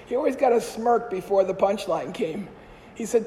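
A priest giving a storytelling homily, telling stories and trailing off softly at the ends of phrases. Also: male voice, extremely high pitch, fast, creaky, in a large hall, rough recording. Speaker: Catholic priest.

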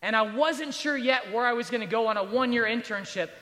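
A man's voice: very high voice, a little fast, sharp tone, long reverb tail. A man in his thirties, a pastor giving a chapel sermon to students in a conversational, joking way with rhetorical asides. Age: 30s. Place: large university chapel, standing at the altar.

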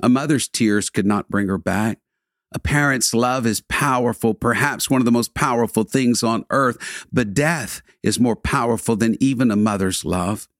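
A man's voice: mid-range voice, no echo. Male preacher for a devotional sermon, mid-range voice, dry booth sound, builds through repeated phrases. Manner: rhythmic, building repetitions, dramatic pauses.

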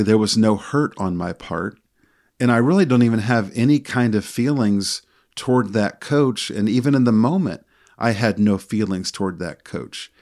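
A middle-aged man co-hosting a podcast, telling a story from his work as a sports official in a calm, measured way. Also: fairly low pitch.

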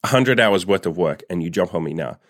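A man's voice: deep voice, expressive, a little fast, no echo, clean studio sound. A man vlogger telling a personal story in a candid, profane way, full of "like" fillers. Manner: candid and profane, heavy use of "like". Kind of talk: casual storytime monologue.

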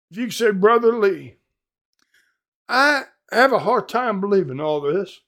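Fervent older man preaching, high voice. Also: expressive, a little slow, a bit bright. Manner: fervent, emphatic, plain-spoken. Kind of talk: evangelistic sermon.

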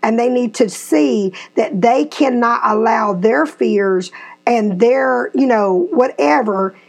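Slow and a bit creaky, this woman's slightly high voice carries a family story on her podcast. She's in her 50s and tells it animatedly in casual chat, performing each quote.

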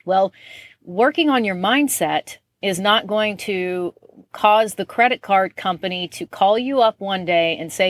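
A woman's voice: medium pitch, moderate pace, fairly bright tone, dry recording. A woman hosting a solo talk show, chatty and laughing often, acting out little quoted voices as she goes. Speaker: podcast host.

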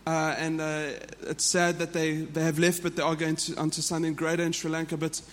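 South African pastor preaching in a reverberant hall. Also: male voice, on the high side, monotone, fairly quick, fairly bright tone. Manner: earnest, repeats and restarts phrases. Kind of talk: sermon. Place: church.

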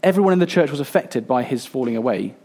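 A man in his thirties preaching a sermon, earnest and a little halting, with fillers and restarts. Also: mid-range voice, expressive, mellow. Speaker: pastor.

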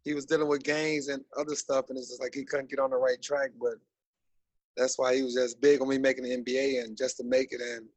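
A man in his thirties, a basketball coach guest on a podcast, talking in an animated, rambling way with many fillers. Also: mid-range voice, fast talker, no echo, poor audio. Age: 30s. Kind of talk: casual podcast interview.

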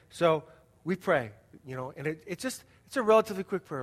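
High-voiced pastor preaching in a reverberant hall. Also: male voice, animated, quick pace. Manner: conversational storytelling with audience asides. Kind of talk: sermon.

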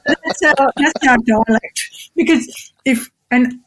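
A middle-aged Australian woman, a guest in a casual interview, animated, joking and self-mocking. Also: sits high, slow pace.

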